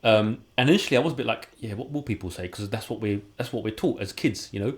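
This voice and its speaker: A man's voice: fairly low pitch, fast talker. A man, a podcast guest telling candid personal stories in a casual way and acting out the dialogue he quotes. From London, England.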